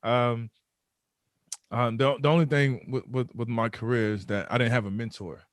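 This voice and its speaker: A man's voice: mid-range voice, steady tone, moderate pace, dry recording. A man, a former football player, telling a story in a casual conversational interview, often repeating words as he builds up the tale. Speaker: podcast guest, former pro football player.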